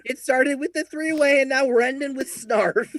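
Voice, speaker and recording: A woman's voice: sits high, normal speed, a little hiss or hum. A woman playing a tabletop game, chatting casually, laughing at herself and swearing. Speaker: player.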